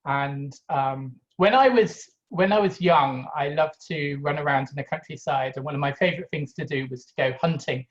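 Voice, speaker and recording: A man's voice: fairly high pitch, moderate pace, few pauses, dull audio. A man introducing a poem he is about to read, in a reflective way. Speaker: guest reader.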